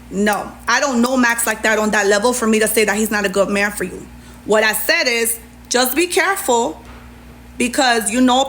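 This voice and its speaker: A woman's voice: on the high side, fairly bright tone, slight background noise. A woman ranting on a livestream, sassy and indignant as she reads out messages and answers back.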